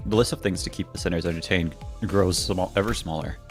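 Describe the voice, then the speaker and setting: A man's voice: sits low, steady tone, brisk, soft background music. A young man streaming a game, reading its dialogue aloud in playful voices and joking with his chat.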